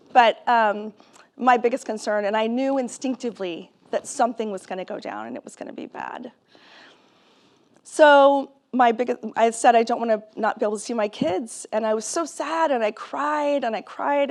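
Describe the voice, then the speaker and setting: Woman giving a talk on stage, fairly high voice, chatty, laughs a lot between lines. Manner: animated, laughing often through her story; conversational, with many fillers and restarts. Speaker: keynote speaker and author. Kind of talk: personal story talk to a live audience.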